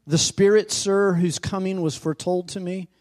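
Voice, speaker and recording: Old miser, preacher reading aloud, slow, earnest questions, lightly raised pitch. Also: male voice, fairly even intonation, darkish tone, natural voice. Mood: wondering. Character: elderly miserly man questioning a spirit.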